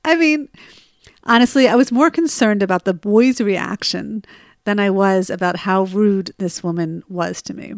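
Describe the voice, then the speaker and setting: A woman's voice: mid-range voice, normal speed, creaky, no echo, studio quality. A middle-aged woman telling a personal story in a conversational way, often asking listeners "right?" and laughing at herself. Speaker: storyteller sharing personal stories.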